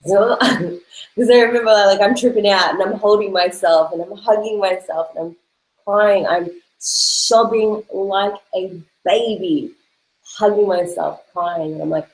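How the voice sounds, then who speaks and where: Earnest, soft-spoken woman in an echoey room. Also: mid-range voice, a little slow. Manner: earnest, searching for words, laughing at herself. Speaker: host's girlfriend, guest. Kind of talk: casual Q&A chat.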